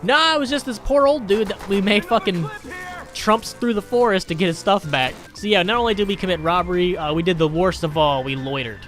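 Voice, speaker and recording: A man's voice: high-pitched, fairly quick, a bit bright, faint music behind. A young man telling a crude, sarcastic story while he plays and comments on a game. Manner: crude, sarcastic, rambling anecdotes. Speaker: gaming YouTuber. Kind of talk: storytelling over gameplay commentary.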